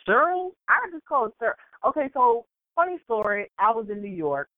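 A man's voice: extremely high pitch, fairly quick, dry recording. A man from suburban Maryland, chatting casually as a podcast co-host and telling stories playfully. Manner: animated, playful storyteller, laughs often. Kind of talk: casual chat. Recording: tinny phone-like sound.

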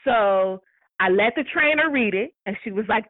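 A woman tells a story in a relaxed chat, blunt and profane, slipping into the voices of the people she describes. Her voice sits in a middle range. The sound is dry and thin, like a phone line. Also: mid-range voice, normal speed, dry recording. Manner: blunt, profane, animated retelling.

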